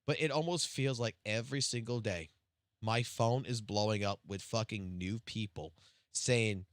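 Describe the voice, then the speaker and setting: A man live-streams a casual late-night rant, swearing heavily, rambling, and restarting his sentences. His voice is on the low side and unhurried, recorded at studio quality with no room sound.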